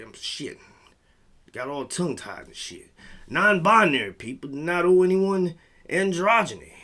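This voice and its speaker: A man's voice: on the high side, fairly bright tone. A man hosting a vlog, reading text aloud and breaking into blunt, profane rants. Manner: blunt, heavy swearing. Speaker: vlog host. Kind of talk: profane commentary monologue.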